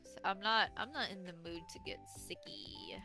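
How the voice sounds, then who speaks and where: A woman's voice: on the low side, very animated, moderate pace, gravelly, pushed and bright, faint music behind. A young woman livestreaming as she plays a game, rambling through stories and chat with plenty of swearing, her throat dry and a little sore. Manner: rambling, chatty storytelling with frequent swearing. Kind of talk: casual chat while gaming.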